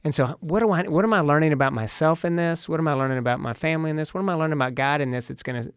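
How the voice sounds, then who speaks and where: A man's voice: a little high, racing, smooth, no room sound, studio quality. A man in his forties with teenage daughters, talking earnestly about family and faith, telling stories. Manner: earnest, storytelling, prayerful. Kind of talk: casual faith talk.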